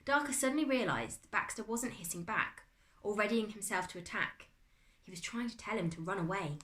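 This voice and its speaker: A woman's voice: mid-range voice, a little fast. British woman teacher reading a story. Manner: expressive, dramatic read-aloud. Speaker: teacher reading aloud to a class. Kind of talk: storybook read-aloud. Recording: echoey room.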